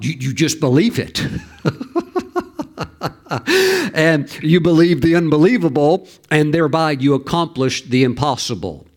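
A man, a pastor, preaching a sermon and telling a story in an animated way, with fillers and restarts, his voice rising at the dramatic moments. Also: on the high side.

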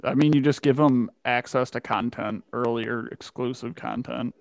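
A man's voice: medium pitch, fairly even intonation, moderate pace, creaky, dry recording. A man co-hosting a casual truck podcast over a video call, rambling and joking about his own tech trouble. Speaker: podcast co-host. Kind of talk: casual chat.

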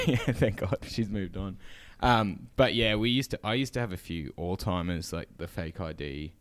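A man's voice: low voice, normal speed. A man with an Australian accent, a slangy storyteller who laughs easily in casual chat.

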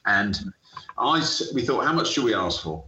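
A middle-aged man from the UK tells his stories with relish and acts out both sides of old conversations. His voice sits low but comes across forceful and bright. The recording is roomy and muffled, with a lo-fi dullness. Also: normal speed, slight background noise. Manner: animated anecdotal, acts out dialogue. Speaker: guest, sports entrepreneur. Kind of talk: storytelling interview. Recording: echoey room, dull lo-fi sound.

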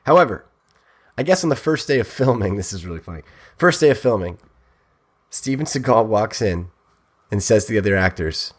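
Male podcast co-host, low voice, casual rambling storyteller, jokey. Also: lively intonation, a little fast. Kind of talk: casual chat.

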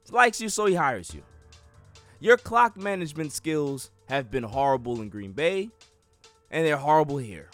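A man's voice: on the high side, lively intonation, normal speed, fairly bright tone, no echo, faint music behind. A man hosting a sports podcast, ranting emphatically and repeating words as he builds each point. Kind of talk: casual sports talk.

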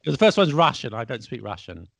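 A man hosting a casual podcast about the English language, an English teacher who asks questions in a playful, lively way. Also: medium pitch, fast, vocal fry, husky, no echo. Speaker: podcast host. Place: Paris.

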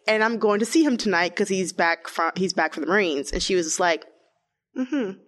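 A woman's voice: medium pitch, a little fast. A young woman telling her own story in casual chat, full of "like" fillers and acted-out quotes. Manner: chatty, lots of "like", animated quoted voices. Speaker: interviewee.

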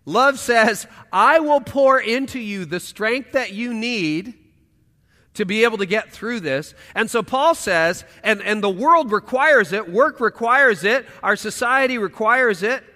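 Guy preaching, high bright voice, goes loud then real quiet, long hall echo. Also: lively intonation, a little slow. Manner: swings from loud emphatic lines to hushed quiet asides. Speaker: pastor. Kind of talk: sermon.

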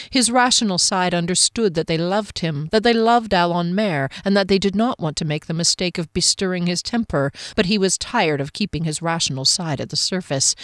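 A woman narrating a fantasy novel in a measured, expressive storytelling voice on a close mic. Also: fairly low pitch, no room sound. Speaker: audiobook narrator.

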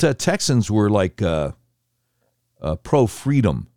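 Indignant man with a lively voice. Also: fairly low pitch, unhurried, dry recording, clean studio sound. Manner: indignant and sarcastic. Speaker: political commentator. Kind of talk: reading a vote list with commentary.

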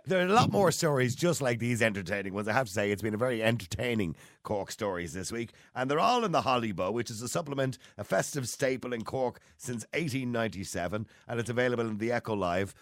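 A man's voice: medium pitch, lively intonation, fast talker, few pauses, no room sound, studio quality. A man hosting a radio chat, jokey and laughing easily. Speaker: radio host.

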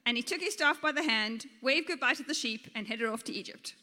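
A woman's voice: on the high side, fairly quick. Laughing, playful woman preaching in a hall. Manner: laughs often, lively and informal. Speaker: teacher and guest speaker. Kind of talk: playful storytelling sermon.

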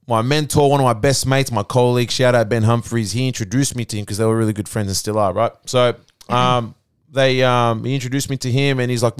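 A young man chats as a podcast guest, slangy and laid-back as he tells a story. His voice is smooth and resonant, recorded close and dry. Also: medium pitch, steady tone, brisk, dry recording. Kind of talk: casual chat. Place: podcast studio.

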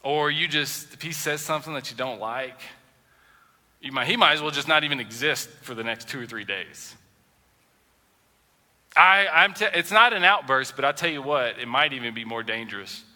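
A male pastor preaching a sermon in a conversational style, acting out everyday quotes with lively shifts in his voice. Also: medium pitch, big-room sound.

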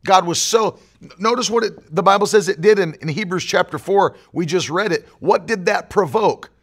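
Man, pastor, sermon, emphatic, repetitive declarations, fairly high pitch. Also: moderate pace, a bit bright, breathy edge.

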